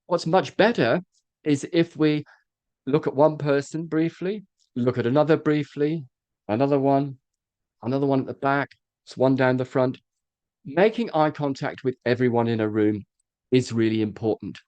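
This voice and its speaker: A man, a presentation coach giving a live workshop talk, animated and demonstrative, with frequent ums. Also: mid-range voice, moderate pace, no room sound, highs cut off.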